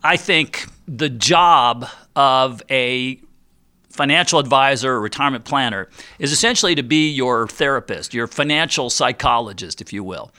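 A man's voice: medium pitch, normal speed, pushed and bright. A middle-aged man hosting a financial radio talk show, chatty and playful, often acting out worried investors in quoted voices. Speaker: radio show host and retirement planner.

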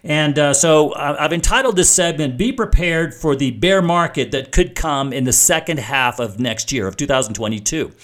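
A man's voice: a little high, animated, moderate pace, hardly any pauses, fairly bright tone. A middle-aged man hosting a finance radio show, explaining things in a conversational way with frequent restarts. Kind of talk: talk radio monologue.

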